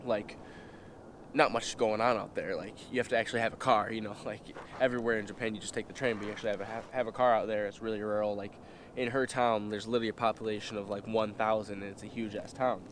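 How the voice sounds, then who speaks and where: A young American vlogger with a lowish, slightly bright voice keeps a steady tone at a fast pace while telling a casual, profane story. He leans on fillers and acts out quotes, with slight background noise in the audio.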